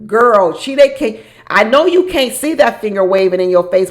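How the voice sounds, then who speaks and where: A woman giving casual, animated recap commentary on a reality show, dramatic and laughing as she talks. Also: a little high, normal speed.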